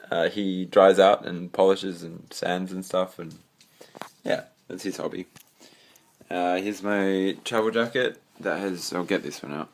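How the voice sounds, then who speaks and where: Casual room-tour vlogger: young Australian guy, deep voice, meandering and sweary. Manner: rambling, swears casually, trails off with fillers. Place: own bedroom.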